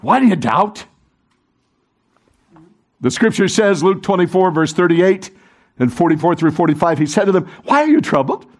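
Animated pastor guy preaching, fairly high voice, pitch all over the place. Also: normal speed, pauses often. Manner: animated, exhorting the congregation. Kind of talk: sermon.

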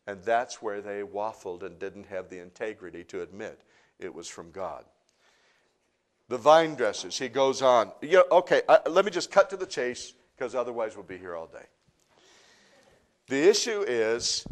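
A male pastor preaching a sermon, asking the congregation rhetorical questions, building to loud emphatic peaks and then dropping to a quieter, confessional tone. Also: mid-range voice.

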